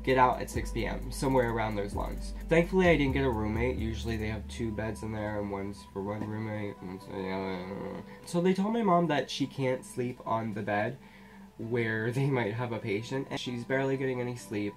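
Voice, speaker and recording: Vlogger, casual storytelling, blunt and profane, mid pitch, faint music behind. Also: moderate pace.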